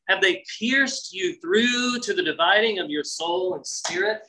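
Man, preacher, sermon, bright tense voice, very animated delivery. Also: high-pitched, measured pace, few pauses, rough recording. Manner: acts out scripture voices, conversational asides. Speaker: pastor.

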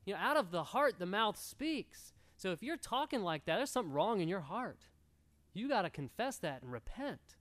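Male pastor, high voice with a lot of swing, earnest sermon delivery that drives its points home. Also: big pitch swings, normal speed, a bit bright. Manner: earnest, exhorting, repeats key phrases. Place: church room.

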